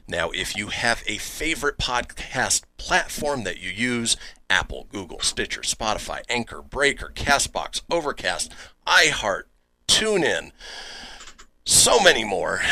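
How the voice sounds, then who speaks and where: A man's voice: mid-range voice, gravelly, dry recording. A man hosting a radio talk show, joking. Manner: lively, joking, promo-style delivery. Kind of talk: casual radio banter.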